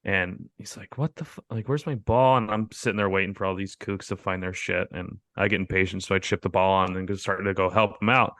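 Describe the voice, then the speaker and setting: Dude cohosting a podcast, swears a lot, laughs while telling stories, kinda low voice. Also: male voice, little pitch movement, fairly quick, few pauses, a bit bright, no room sound. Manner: profane, laughing storyteller. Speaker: podcast co-host. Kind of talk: casual chat.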